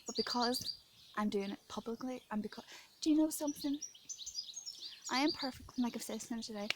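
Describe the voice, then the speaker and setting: Outdoors in rural France, a shaken and upset Irish woman vlogs, venting emotionally to camera, talking indignantly, rambling and sometimes dropping to a whisper. Her slightly high voice moves fairly quickly. The background is noisy, with birdsong behind her.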